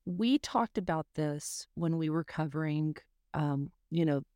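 A woman's voice: low-pitched, unhurried, mellow, no echo, studio quality. A woman from North Carolina hosting a podcast interview, talking casually with a lot of fillers. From Charlotte, North Carolina. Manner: chatty, many fillers and hedges. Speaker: podcast host.

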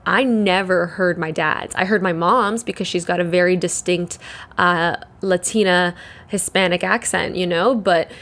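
Chatty young woman, slightly low voice. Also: steady tone, a little slow, fairly bright tone. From Canada. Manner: rambling, sprinkled with "like" and swearing, laughs often. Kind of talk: casual solo chat.

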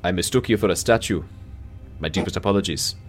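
A man voicing a large, apologetic male orc gentleman who speaks politely and formally. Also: deep voice, quick pace, faint music behind, close to an everyday voice.

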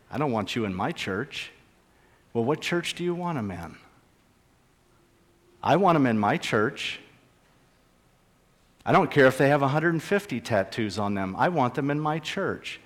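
A man preaching in a church sanctuary, with a voice pitched a little above the usual male range. He speaks emphatically and leans on repetition to drive home each point. The sound rings with long reverb from the large hall. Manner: emphatic, repeats key phrases for stress. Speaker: pastor. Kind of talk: sermon.

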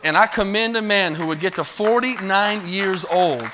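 A man's voice: sits high, normal speed, noisy background. A man preaching a sermon in a church, telling a story in a loose, conversational way and calling for amens. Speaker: pastor. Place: church sanctuary.

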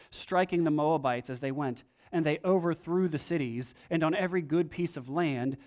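A man preaching a sermon, his voice sitting a little above the usual male range. He reads scripture aloud and swings between emphatic, drawn-out lines and softer, hushed asides. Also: on the high side. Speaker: pastor.

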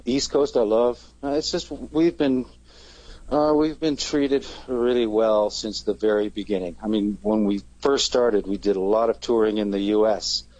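A man's voice: lowish voice, steady tone, normal speed, darkish tone, no echo, muffled recording. A man, a touring band's singer, chatting casually in an interview and rambling with many fillers and restarts. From Canada.

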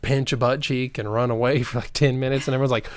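A man's voice: medium pitch, little pitch movement, fast talker, no echo. A man co-hosting a podcast, chatting casually and jokingly about movies and reading viewer comments. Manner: joking, reads chat comments aloud. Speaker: podcast co-host.

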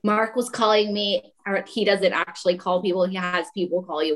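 A woman guest on a talk show tells a story in a casual, chatty way. She acts out the other people's voices as she goes, and her own voice sits at a middle pitch. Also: fairly quick, few pauses, low-quality recording. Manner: animated, acts out quoted voices.

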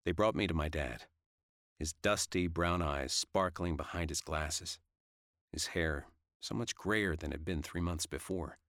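A man narrating a first-person story in a steady, even way. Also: low voice, a little slow, no room sound, studio quality. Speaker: audiobook narrator.

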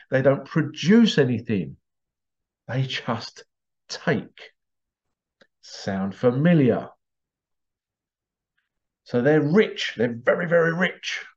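A man hosting a show, giving a monologue with animated storytelling and rhetorical questions. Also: on the high side, muffled recording. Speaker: host. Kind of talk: monologue commentary.

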